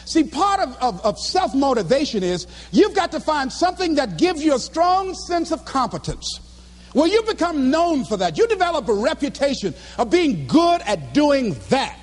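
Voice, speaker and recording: A man giving a live motivational speech in a fervent, preacher-like cadence, often breaking into shouts. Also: very high voice, very animated, normal speed, in a large hall. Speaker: motivational speaker.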